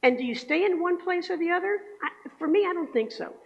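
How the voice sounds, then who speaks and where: A woman with a very high, lively voice preaches the Sunday message at a fairly quick clip, with a little hiss or hum in the background. Her conversational sermon keeps checking in with the congregation and asking them to agree. It's captured in an echoey sanctuary with dull, lo-fi sound.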